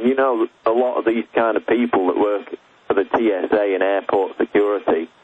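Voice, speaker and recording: Husky low man over a tinny phone line. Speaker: guest writer on phone. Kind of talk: radio phone interview.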